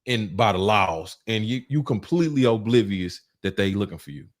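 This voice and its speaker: A man's voice: on the low side, lively intonation, moderate pace, dry recording, studio quality. A man hosting a casual interview, reacting with short exclamations and recapping his guest's story. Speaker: host.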